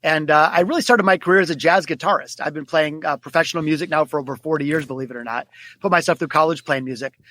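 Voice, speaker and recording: Man, 40s, podcast guest, quick energetic storytelling, slightly high voice. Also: dry recording. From Detroit, United States. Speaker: guest author. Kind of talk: podcast interview.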